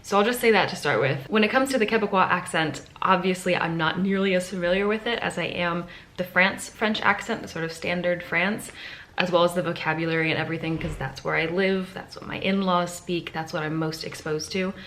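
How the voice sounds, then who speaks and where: A woman's voice: lowish voice, fairly even intonation, brisk, a bit bright. A woman talking casually to camera in a hotel room, chatty and enthusiastic as she thinks aloud. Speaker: travel vlogger. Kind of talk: casual vlog talk to camera.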